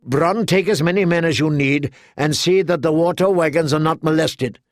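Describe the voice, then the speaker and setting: A man voicing a small, sharp-tongued nobleman who gives orders. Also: fairly high pitch, moderate pace, no echo, studio quality, voice pushed up, close to an everyday voice. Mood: commanding.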